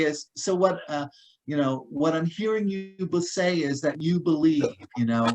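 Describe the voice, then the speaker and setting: A man with a slightly higher voice gives a relaxed, unscripted talk on staying safe. He rambles a little, restarting sentences and scattering "you know" and "um" as he explains. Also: poor audio. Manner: casual, many fillers and restarts. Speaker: guest speaker on personal safety. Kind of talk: informal talk.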